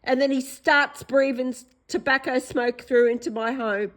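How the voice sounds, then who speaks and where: An Australian woman in a distressed personal vlog monologue, upset and pleading, repeating herself, her voice going hoarse. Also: high voice, fairly even intonation, normal speed, hardly any pauses, fairly bright tone, rough recording. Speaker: vlogger.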